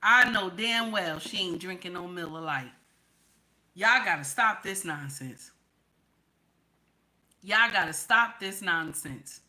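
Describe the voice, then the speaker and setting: A woman from the New talks straight to her viewers, with a bright, forceful tone. She is blunt and emphatic, and she hammers her points home by saying them again and again. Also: fairly low pitch, slow, long pauses, poor audio. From New York / New Jersey area. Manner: blunt, emphatic, repeats lines for stress. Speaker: online commentator. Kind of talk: casual political commentary vlog.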